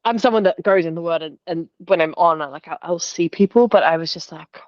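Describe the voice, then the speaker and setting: Low-voiced young woman rambling on a call. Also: a little fast, hardly any pauses, no room sound. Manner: rambling, many fillers like "like". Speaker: artist sharing in a group call. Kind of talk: casual emotional storytelling. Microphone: video call. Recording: dull, lo-fi video call audio.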